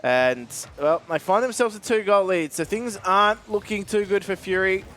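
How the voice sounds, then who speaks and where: A man giving measured play-by-play on a live esports match, with bursts of excitement on the big plays. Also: sits high. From Australia. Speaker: esports co-caster.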